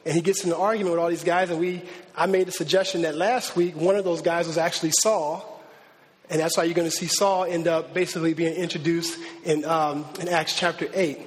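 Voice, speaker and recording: High-voiced preacher in a reverberant hall. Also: male voice, fairly quick. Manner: animated, informal, many fillers and restarts. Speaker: pastor. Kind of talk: conversational sermon.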